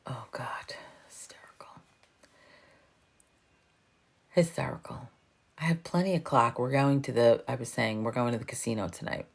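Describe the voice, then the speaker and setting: Fifties woman, very low gravelly voice, chatty livestream host who curses and laughs easily. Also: brisk. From New York. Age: 50s. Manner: laughing, chatty, swears freely. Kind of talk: casual chat with viewers.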